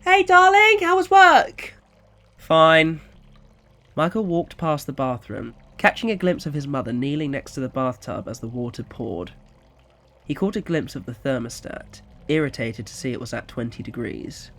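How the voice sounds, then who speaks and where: A man narrating an audio story in a quiet, even storytelling manner. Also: medium pitch, moderate pace.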